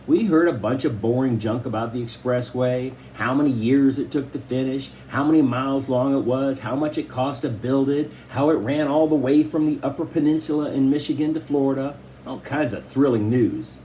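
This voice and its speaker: A man's voice: moderate pace, slight background noise. A man narrating a children's novel as an audiobook reader, storytelling expressively. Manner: expressive storytelling with shifting pitch. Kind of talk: scripted narration.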